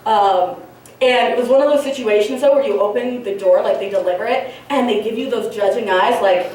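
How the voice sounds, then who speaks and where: A woman's voice: on the high side, brisk, a little mellow, distant mic, slight background noise. A young woman doing a stand-up comedy set, rambling and profane, with lots of fillers and giggly asides. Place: comedy club stage, large room. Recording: very echoey room recorded from afar.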